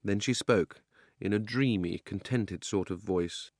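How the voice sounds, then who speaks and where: A man narrating a children's audiobook in a measured, expressive reading. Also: lowish voice, dry recording, studio quality. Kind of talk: scripted storybook narration.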